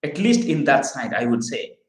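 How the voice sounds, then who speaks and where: A man's voice: mid-range voice, big pitch swings, normal speed, roomy sound, rough recording. A middle-aged man from Odisha, India, with an Indian English accent shaped by American speech, whose first language is Odia. He runs a live recruiting training stream, talking energetically and asking the viewers rhetorical questions. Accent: Indian English with American influence.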